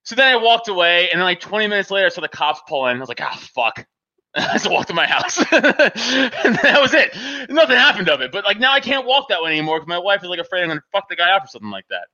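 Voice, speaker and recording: A man with a high-pitched, very bright and cutting voice tells a rambling story, laughing and cursing often. The sound is a bit dull and lo-fi. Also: quick pace. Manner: laughs often, swears freely, animated. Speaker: podcast co-host telling a story. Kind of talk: casual profane storytelling.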